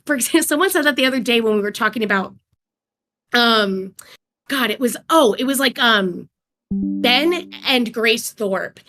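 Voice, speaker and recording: A woman speaking as a panel guest in an online debate, making her points in a measured, articulate way and listing them one by one. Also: a little high, lively intonation, a bit bright.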